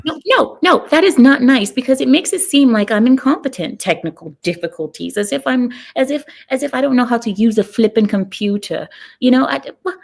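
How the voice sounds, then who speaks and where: A woman hosting a livestream who chats casually with her viewers and jokes in a sarcastic, deadpan, provocative way. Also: a little high, a little fast, gravelly. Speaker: livestream host.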